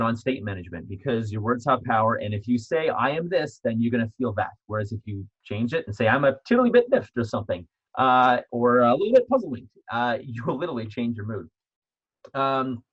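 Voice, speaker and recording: Husky-voiced man giving an earnest pep talk. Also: mid-range voice, a bit bright, dull audio. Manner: earnest, repetitive, frequent restarts. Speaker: motivational speaker and author. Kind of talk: motivational self-help talk.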